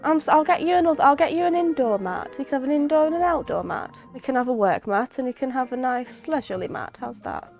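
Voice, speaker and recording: Brief: young woman streamer, high bright voice, chatty rambling gameplay talk, faint game music under it. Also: quick pace, few pauses. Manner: chatty, rambling, bursts into excited exclamations.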